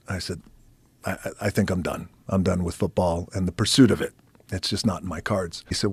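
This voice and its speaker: A middle-aged man with a deep, husky, gravel-edged voice tells casual stories as a podcast guest, swearing freely. He sometimes drops into a hushed near-whisper. The sound is close-miked and dry. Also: fairly even intonation, fairly quick, no echo. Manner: gravelly, shifts to hushed near-whispers when retelling quiet moments; swears casually, laughs between anecdotes. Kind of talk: casual storytelling.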